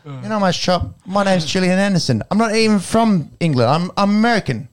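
A man putting on a high falsetto woman's voice, coaxing like a mother to a shy teen. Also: lively intonation, a little fast, clear, resonant tone. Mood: soothing. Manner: mock-soothing, high falsetto put-on voice.

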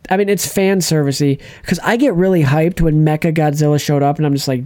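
A man's voice: a little high, a little fast, few pauses, warm tone. Man rambling through a movie recap. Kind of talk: casual movie discussion.

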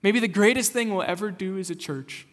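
A young-adult man from rural Kansas, a lead pastor giving a conversational, animated sermon and asking the congregation questions. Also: high-pitched, fairly quick. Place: church sanctuary. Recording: long hall reverb.

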